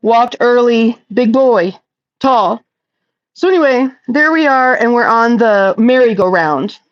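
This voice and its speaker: A woman's voice: a little high, animated, unhurried, highs cut off. A woman hosting a casual livestream chat, reading viewer comments aloud and answering them in a blunt, profane, talkative way.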